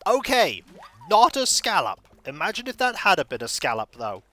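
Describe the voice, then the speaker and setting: A man's voice: high-pitched, wildly swooping pitch, moderate pace, pushed and bright, no echo. A man streaming a video game, rambling through jokey, self-mocking asides. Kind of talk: casual gaming stream commentary.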